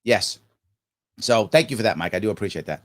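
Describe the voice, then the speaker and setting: A man's voice: fairly low pitch, animated, a little fast. A man hosting a live stream, reading viewer comments and giving emphatic commentary, acting out the quoted voices. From United States. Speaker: host.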